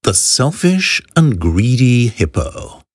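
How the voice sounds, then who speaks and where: A man reading a simple children's story aloud in a deliberate, expressive way. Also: mid-range voice, no echo. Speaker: storybook reader.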